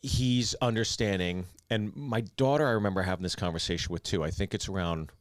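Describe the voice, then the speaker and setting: A man in his forties with a very deep voice co-hosts a casual podcast. He speaks in a relaxed, earnest way. The mic is close and the sound is dry. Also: brisk, dry recording. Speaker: podcast co-host.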